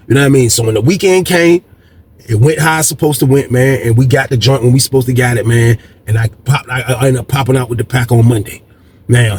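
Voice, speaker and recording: A man's voice: medium pitch, darkish tone, a little hiss or hum. A man casually telling a story from his past in slangy, profane talk, repeating himself often.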